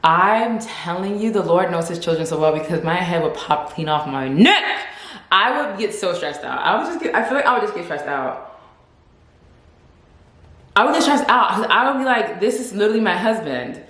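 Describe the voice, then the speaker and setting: A young woman vlogging in a casual, animated chat, laughing often as she talks. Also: on the low side, normal speed, roomy sound.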